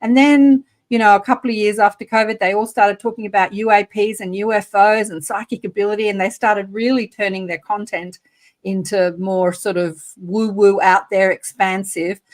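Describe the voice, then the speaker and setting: A woman's voice: mid-range voice, fairly even intonation, normal speed. Bubbly Australian woman guest. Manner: bubbly, chatty, laughs often. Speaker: podcast guest. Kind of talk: casual chat.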